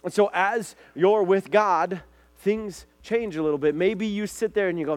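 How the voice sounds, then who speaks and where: A man giving a casual sermon to a group, chatty and lively, often checking in with "right?" and "okay?". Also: high-pitched, moderate pace. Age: adult, has a son. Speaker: youth pastor.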